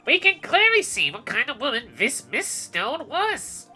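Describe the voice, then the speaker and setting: A woman's voice: high-pitched, sing-song, unhurried, bright, forceful tone, soft background music, exaggerated voice. A woman voicing a pompous male prosecutor in a formal, theatrical courtroom manner.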